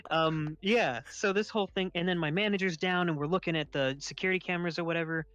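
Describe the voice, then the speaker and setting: A young man hosting a podcast, telling a long story in casual, animated chat, laughing and swearing freely. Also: sits high, quick pace, clean tone. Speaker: podcast host. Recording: dull lo-fi dry sound.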